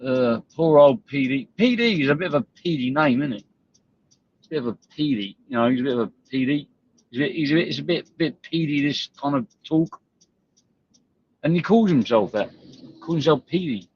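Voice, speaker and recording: A man's voice: a little high, lively intonation, a little fast, breathy edge, muffled recording. A man ranting on a livestream, sweary, confrontational and rambling. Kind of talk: livestream rant.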